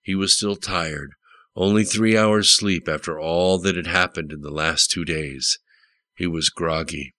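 A man narrating an audiobook with steady, plain storytelling. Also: deep voice, measured pace, no room sound.

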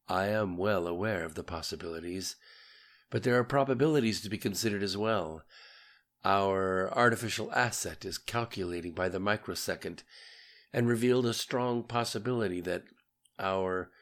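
A man voicing a confident male strategist in an audiobook, brisk and self-assured. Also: low voice, fairly bright tone. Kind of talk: audiobook character reading.

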